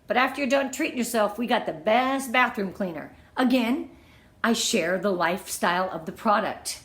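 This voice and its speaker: At home before her product display wall, a direct-sales consultant coaches her sales team with an upbeat, gushing talk on online party presentations. Her medium-pitched voice is a bit bright and moves at a normal speed. The room sounds echoey.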